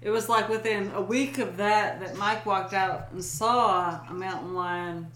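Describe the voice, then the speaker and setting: A woman's voice: mid-range voice, steady tone, measured pace, a bit bright, reverberant, slight background noise. A woman, co-hosting a podcast and telling a story with casual swearing and laughter. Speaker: podcast co-host. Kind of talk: casual chat.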